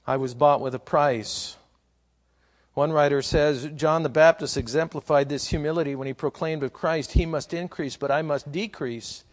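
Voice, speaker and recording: A man preaching a sermon in a fairly high voice. He asks the congregation questions and leans hard on repeated phrases, slowing down to stress each one. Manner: rising to emphatic, slow, stressed repetitions. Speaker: pastor.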